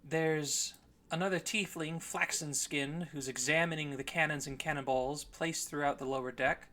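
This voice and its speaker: A man's voice: a little high, steady tone, normal speed, bright, forceful tone. A man narrating a tabletop game as game master, describing scenes at length.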